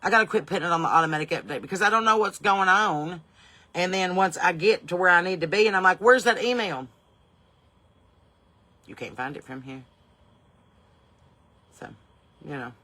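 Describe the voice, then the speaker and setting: Fairly low and sharp in tone, this middle-aged podcast host with a Southern US accent tells crude, brash comic stories that wander all over in a storytelling monologue.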